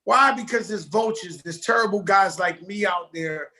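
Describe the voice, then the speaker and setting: A man's voice: high voice, moderate pace, bright, forceful tone. A middle-aged man with a New York accent, talking loosely and jokingly as a guest on a video call. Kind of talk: casual interview talk.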